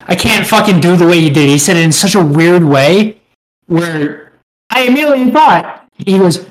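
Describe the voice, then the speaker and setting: A man's voice: high voice, lively intonation, normal speed, low-quality recording. A young man co-hosting a podcast, telling a rambling, profane story in casual chat and laughing as he goes. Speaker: podcast co-host.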